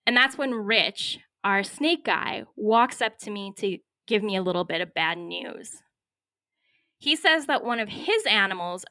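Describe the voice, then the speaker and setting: A young woman from Canada telling a lively personal story with wry humor, recorded at her home. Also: mid-range voice, smooth, dry recording, studio quality. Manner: lively, vivid scene-setting with wry humor. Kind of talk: personal story told to a podcast.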